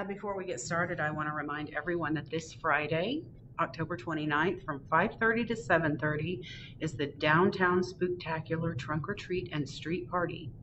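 A woman who is a children's librarian, reading a picture book aloud in an animated, sing-song way for a virtual storytime. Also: lowish voice. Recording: distant, dull recording with loud background hiss.

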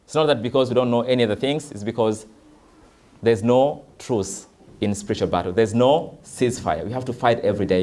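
A man preaching at a church service, his voice sitting at an ordinary middle pitch. He talks in an earnest, loose and conversational way, often pausing with fillers. The tone is that of a pastor encouraging his congregation. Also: a little mellow. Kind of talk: sermon.

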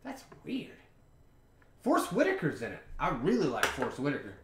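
The young podcast host talks at a moderate pace, his voice on the high side and swooping wildly in pitch. He rambles offhandedly over a beer in a casual chat, with background noise and a roomy echo in the recording.

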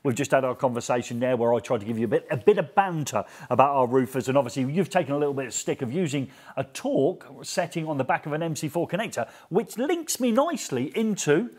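A man hosting a trade show keeps up quick, jokey banter with a guest. He talks fast, and his pitch sits a little high. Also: expressive, a little mellow, husky. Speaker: show host. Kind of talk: casual chat.

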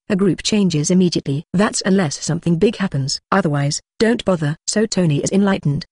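A text-to-speech audiobook narrator reading a translated web novel in an even, unexpressive way that reads punctuation aloud. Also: medium pitch, breathy edge, no echo, clean studio sound.

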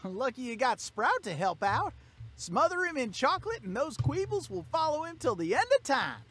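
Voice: high voice, big pitch swings, normal speed, fairly bright tone, slightly rough, exaggerated voice. An actor doing a sentimental critter rancher. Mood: folksy. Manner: folksy, drawling country speech. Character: fussy, sentimental male Grumpus rancher. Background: game music.

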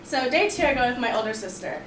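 A young woman tells a personal story to a class in a bright, chatty manner, scattering "like" and "you know" through her sentences. Her voice sits a little high. The recording is echoey and picked up from across the room, with faint background noise. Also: very animated, fast talker, distant mic. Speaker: student storyteller.

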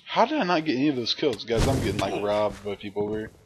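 A man's voice: fairly low pitch, lively intonation, quick pace. A man commenting casually on a game he is playing, talking to his viewers and letting out frustrated outbursts. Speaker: gaming commentator. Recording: loud background noise.

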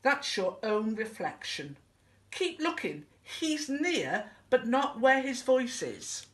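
A woman reading a picture book aloud, voicing a cheerful, kindly male elephant in a friendly, gently teasing voice. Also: on the high side, very animated, slow, distant mic, pitched above the performer's own voice.

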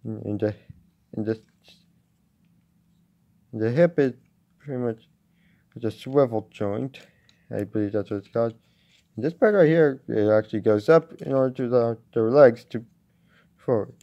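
A man casually reviewing a toy at home, talking in a halting way with many restarts. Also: medium pitch, lo-fi sound. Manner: halting, with frequent restarts and fillers.

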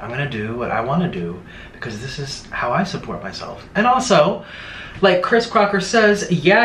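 A man's voice: medium pitch, a bit bright, slight background noise. Male mukbang host, chatty ranting delivery with mocking asides, roomy echo. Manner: rambling, emphatic, mocking impressions. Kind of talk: casual rant to camera. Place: room in Bangkok.

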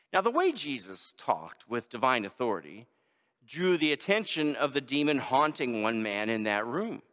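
A pastor delivers a sermon in a medium-pitched voice that rises and falls with lively emphasis. His words carry a long reverb from a large church sanctuary. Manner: lively preaching with quoted voices.

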